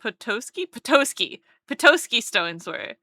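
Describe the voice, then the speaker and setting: A woman's voice: a little high, big pitch swings, a little slow, bright, forceful tone, no echo. A woman streamer chatting casually with her live chat while drawing, playful and teasing, often repeating words.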